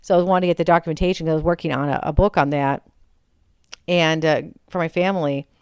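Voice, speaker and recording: A woman's voice: low voice, fast talker, clean tone, no echo. Rambling woman telling a story, dry close mic. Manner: rambling, self-correcting, animated. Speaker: vlogger. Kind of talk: casual storytelling chat.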